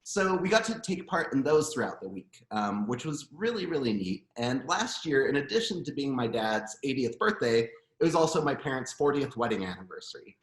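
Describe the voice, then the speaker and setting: A man in his thirties, a guest musician, telling stories in a casual interview, animated and chuckling, with many fillers. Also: mid-range voice, moderate pace, hardly any pauses. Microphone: video call. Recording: roomy echo.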